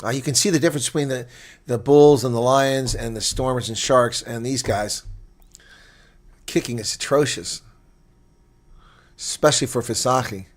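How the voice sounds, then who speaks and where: Excitable man calling rugby play-by-play. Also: medium pitch, normal speed, long pauses. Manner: swings from calm asides to excited shouting on breaks. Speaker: rugby commentator. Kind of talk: live watch-along play-by-play commentary.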